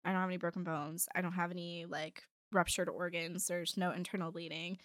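Woman in her 40s, casual storyteller, bright sharp voice, dry close sound, swears freely. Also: on the low side, little pitch movement, brisk, dry recording. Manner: candid storytelling, swears, laughs often. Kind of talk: casual chat.

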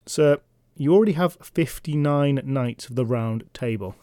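A man doing a weary, deadpan castle servant. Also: medium pitch, normal speed, no echo, lightly acted. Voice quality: weary, dry. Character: long-suffering male castle servant.

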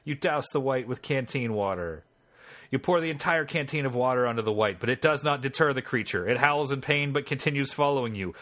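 A man narrates a text adventure game aloud with a lively, rising and falling delivery. His voice is bright and forward, and he slips between reading the game's lines and joking with his friend. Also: mid-range voice, fairly quick. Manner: reads game text aloud, then chats and jokes.

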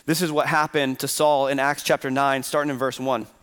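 A man's voice: mid-range voice, flat delivery, a little fast, fairly bright tone, clean tone. A man preaching a Sunday sermon as pastor, earnestly posing rhetorical questions to his congregation. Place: church sanctuary. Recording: reverberant hall.

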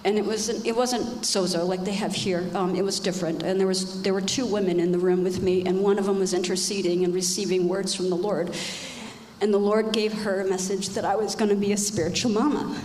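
A woman's voice: medium pitch, fairly even intonation, brisk, darkish tone. Emotional woman testifying in an echoey church hall. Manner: emotional, emphatic, repeats phrases. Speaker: church member giving testimony. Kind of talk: personal testimony. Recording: echoey hall with faint background noise.

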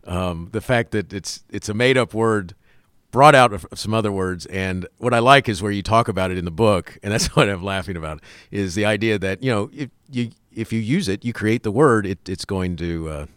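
A man's voice: lowish voice, normal speed, a bit bright, clear, resonant tone, no echo, clean studio sound. A man hosting an interview, chatty and enthusiastic as he asks questions. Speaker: interview host. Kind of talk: interview conversation.

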